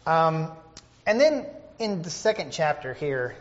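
A man's voice: fairly high pitch, sing-song, slow, muffled recording. Conversational male preacher in a reverberant hall. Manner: conversational, many fillers and restarts. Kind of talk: sermon.

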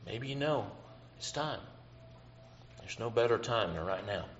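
Male preacher, earnest and plainspoken, mid-pitched, faint hiss on a muffled recording. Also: lively intonation, measured pace. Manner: earnest, personal, repeats key questions. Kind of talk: sermon. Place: church hall.

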